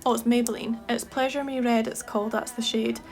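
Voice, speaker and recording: Chatty Scottish woman, fairly high voice. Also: flat delivery, brisk, a little mellow. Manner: chatty and enthusiastic, gushing. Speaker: makeup artist. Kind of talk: casual makeup tutorial chat.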